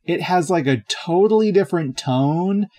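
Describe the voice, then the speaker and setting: A man's voice: sits high, expressive, moderate pace, dark tone. A man co-hosting a podcast, chatting casually about films in a rambling, hesitant way with frequent chuckles. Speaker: podcast co-host. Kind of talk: casual movie chat.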